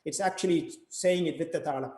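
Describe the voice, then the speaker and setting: Man, percussion teacher, chants rhythm syllables, slightly high voice, roomy echo. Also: brisk, a little mellow. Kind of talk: online rhythm workshop.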